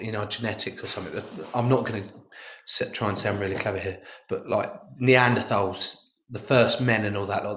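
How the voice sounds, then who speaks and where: A man's voice: lowish voice, a bit bright, reverberant, muffled recording. A man answering press-conference questions in a rambling, self-deprecating, jokey way. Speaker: rugby player at a press conference.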